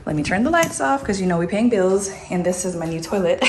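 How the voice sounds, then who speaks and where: A woman giving a casual, excited tour of her new apartment, chatty and playful with slang, filming on her phone. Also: medium pitch, normal speed. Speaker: vlogger. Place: large empty apartment indoors. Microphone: phone held in hand. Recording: echoey empty rooms, phone mic.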